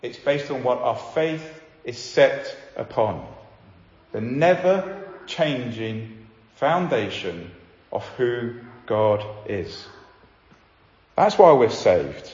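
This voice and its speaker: A man preaching a sermon, earnest, slowing down to stress key points. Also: mid-range voice, expressive, darkish tone. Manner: earnest, slows down for emphasis. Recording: echoey hall, slightly dull sound.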